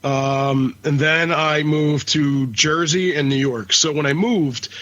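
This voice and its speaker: A man's voice: a little high, takes it slowly, a bit bright. A man in his thirties from Philadelphia with a faint Philly accent, chatting crudely and animatedly as a podcast co-host. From Philadelphia, USA. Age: 30s. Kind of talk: casual chat. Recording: dull lo-fi podcast audio.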